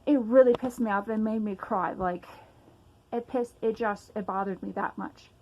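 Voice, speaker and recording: A woman's voice: medium pitch, normal speed, darkish tone, slight background noise, poor audio. A young woman ranting to camera at home, agitated and emphatic, often sighing and swearing. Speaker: vlogger. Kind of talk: casual personal rant to camera.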